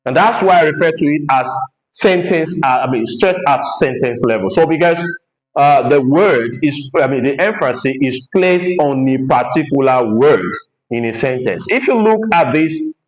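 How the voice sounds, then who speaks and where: A man's voice: mid-range voice, animated, normal speed. Man teaching in echoey room. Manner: repetitive, explanatory, frequent hesitations. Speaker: English teacher. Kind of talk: classroom lesson at a board.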